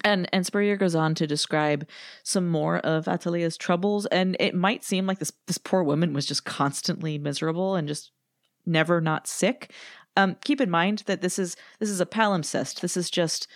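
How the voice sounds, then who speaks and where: A woman co-hosting a podcast, explaining in a measured way and reading passages aloud. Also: fairly low pitch, no echo, studio quality. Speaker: podcast co-host. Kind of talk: casual chat and reading quotes.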